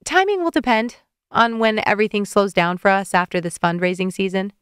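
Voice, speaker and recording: A woman voicing a relaxed young traveler. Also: medium pitch, fairly quick, clean tone, dry recording, studio quality.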